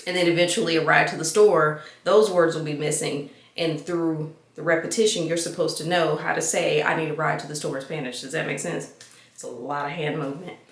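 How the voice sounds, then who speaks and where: A woman's voice: low-pitched, steady tone, fairly quick. Woman vlogger, casual self-mocking chat, roomy echo. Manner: chatty, self-mocking, talks to viewers as y'all.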